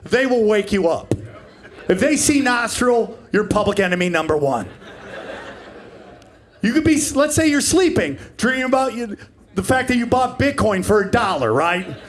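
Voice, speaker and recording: A man's voice: high-pitched, big pitch swings, normal speed. A man in his forties performing a stand-up comedy set, brash and profane, riffing with the crowd. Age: 40s.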